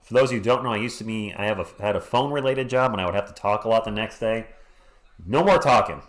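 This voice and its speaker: A hoarse man hosting a live stream, calling a game play by play in a casual way and greeting chat viewers between plays. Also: fairly low pitch, quick pace, fairly bright tone. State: hoarse, losing his voice. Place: home at night.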